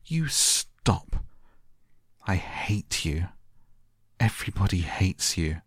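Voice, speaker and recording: A man's voice: low-pitched, slightly rough, no echo, clean studio sound, full character voice. A man reading aloud, voicing a sour, furious little girl who scolds and commands a sick boy.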